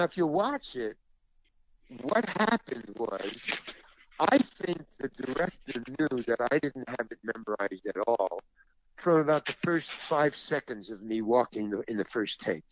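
Animated storytelling man. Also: mid-range voice, muffled recording, a little hiss or hum. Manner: animated, acts out other people's lines. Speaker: actor and stand-up comedian. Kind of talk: anecdotal storytelling in an interview.

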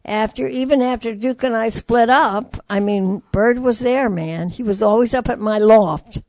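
An older woman from Detroit, a jazz singer telling stories in an interview, animated and acting out the voices of the people she quotes. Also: a little high, normal speed, dry recording. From Detroit, USA. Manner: lively storyteller who acts out quoted voices. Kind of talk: storytelling interview.

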